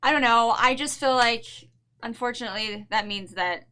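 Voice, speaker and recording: A woman's voice: a little high, moderate pace, bright, forceful tone, clean tone. A woman co-hosting a casual show, chatting in a bubbly way and laughing often, with a New Jersey accent. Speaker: podcast co-host. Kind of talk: casual chat recap.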